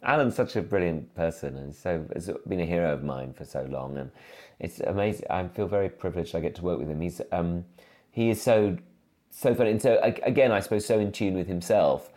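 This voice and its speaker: Thirties male comic guest, very low voice, lively self-deprecating anecdotes. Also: a little fast. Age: 30s. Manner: animated, self-deprecating storyteller with many restarts. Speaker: comedian guest. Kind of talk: casual interview chat.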